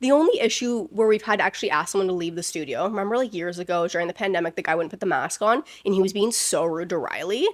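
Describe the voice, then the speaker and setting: A woman's voice: on the low side, lively intonation, fast, few pauses, no echo. A woman co-hosting a casual podcast, talking bluntly and animatedly and swearing freely. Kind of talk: casual chat.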